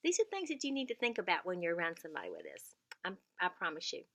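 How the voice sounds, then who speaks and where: A woman's voice: on the low side, wildly swooping pitch, fast talker, gravelly. A middle-aged woman, giving earnest caregiving tips in a casual vlog and repeating words for emphasis.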